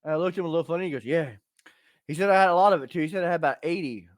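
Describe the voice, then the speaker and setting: A man's voice: on the high side, racing, no echo, clean studio sound. A man in his thirties hosting a podcast, telling crude, punchy stories in casual chat. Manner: crude, storytelling with punchy asides. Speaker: podcast host.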